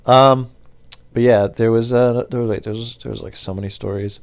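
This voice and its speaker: A young man telling rambling stories to camera in a deadpan, casual way. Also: mid-range voice, a little slow. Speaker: former pizza delivery driver telling stories.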